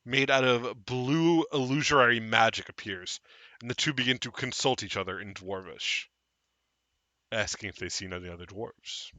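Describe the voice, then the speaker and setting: A man narrating as game master of a tabletop game in measured, descriptive narration. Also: medium pitch, pushed and bright, dry recording.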